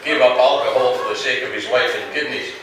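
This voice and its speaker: A man's voice: mid-range voice, fairly even intonation, brisk, crowd noise. A man with a Scottish accent doing a stand-up comedy routine, telling jokes in a dry way with restarts and asides. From Scotland. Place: club function room with audience. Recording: very echoey room, far from the mic, noisy.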